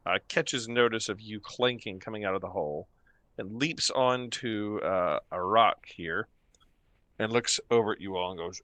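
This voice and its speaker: A man narrating as game master of a tabletop game, slow and hesitant with many fillers. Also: on the low side, a bit bright, no room sound.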